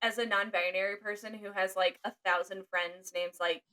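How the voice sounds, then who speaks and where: A woman co-hosting a podcast in casual chat, excitable and swearing often, laughing a lot. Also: mid-range voice, moderate pace. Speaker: podcast co-host.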